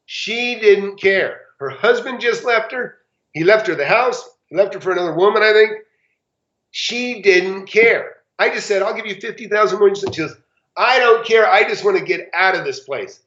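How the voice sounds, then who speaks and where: Animated high-voiced man telling stories. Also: moderate pace. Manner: animated, acts out quoted dialogue with big pitch jumps. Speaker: real estate investor guest. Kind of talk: casual anecdotal storytelling. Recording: echoey room, slightly dull sound.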